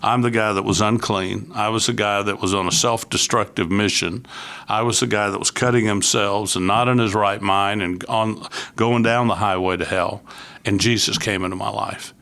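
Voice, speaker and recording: A man's voice: on the low side, steady tone, moderate pace, vocal fry, bright, forceful tone. An older man from Florida, a youth ministry leader, giving an earnest, conversational testimony as a podcast guest and acting out the voices he quotes.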